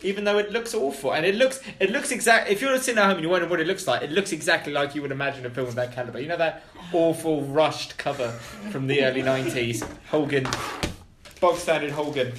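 A man's voice: on the high side, fast talker, a bit bright, slight background noise. A man hosting a comedy panel podcast, rambling and swearing as he chats and laughs. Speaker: panel show host. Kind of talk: casual comedic podcast banter. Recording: roomy echo.

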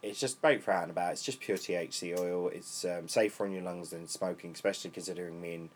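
A young British man co-hosting a casual podcast, rambling and swearing freely, his voice worn lower from smoking. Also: fast. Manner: rambling, swears freely, laid-back stoner talk. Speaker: podcast co-host. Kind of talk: casual chat.

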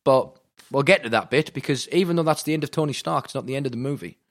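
A man co-hosting a casual film recap, excitable, swearing freely and quoting lines. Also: mid-range voice, fast. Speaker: podcast co-host.

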